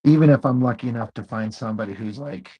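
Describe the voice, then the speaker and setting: A man in relaxed conversation with a slightly husky, breathy voice at an ordinary pitch. He talks loosely and casually and drops swear words without a second thought. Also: fast, dull audio. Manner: laid-back, swears freely, tells stories with laughs. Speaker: co-host. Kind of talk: casual chat.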